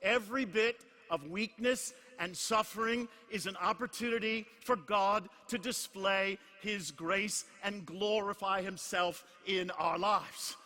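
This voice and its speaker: A middle-aged man preaching a sermon in a large conference hall, emphatic and repetitive, swinging from hushed lines to shouts. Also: high-pitched, unhurried, hardly any pauses. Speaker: pastor. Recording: long hall reverb.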